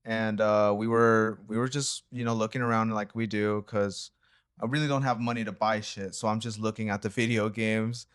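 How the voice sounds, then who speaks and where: Laid-back low-voiced young man telling a story. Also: steady tone, normal speed, clear, resonant tone, no room sound, clean studio sound. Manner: laid-back, rambling, lots of filler and slang. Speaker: co-host of a reaction channel. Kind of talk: casual storytelling chat.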